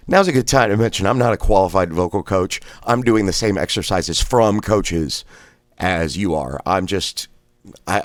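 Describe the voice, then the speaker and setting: A man guiding follow-along voice exercises, counting out reps and cracking relaxed jokes between drills. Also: low-pitched. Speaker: voice exercise guide.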